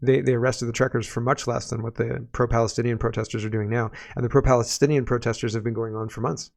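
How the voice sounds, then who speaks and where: Gravelly sarcastic man ranting. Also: medium pitch, level tone, quick pace, few pauses, darkish tone. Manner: sarcastic, ranting, laughs often. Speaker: political commentary host. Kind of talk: casual political commentary.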